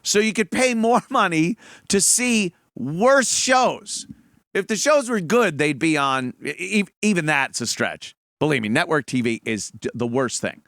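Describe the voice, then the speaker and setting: A man's voice: on the high side, lively intonation, measured pace, fairly bright tone, dry recording, clean studio sound. A talk show host, a man, mocking a trailer in a profane comedic rant and laughing often.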